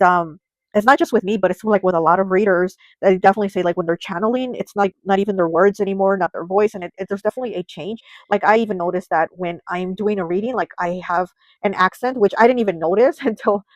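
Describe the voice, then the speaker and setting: A woman reading tarot for her viewers in a loose, chatty way. She talks at a middle pitch, full of fillers and restarts. The sound is dry and close, with no room around it. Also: darkish tone, no room sound, low-quality recording. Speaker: tarot reader. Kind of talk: casual tarot reading to camera.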